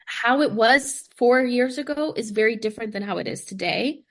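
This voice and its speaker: A young woman, a professional dancer, telling her story in a casual podcast interview, animated and full of "like," acting out the voices of the people she quotes. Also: a little high, normal speed. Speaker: podcast guest, pro dancer.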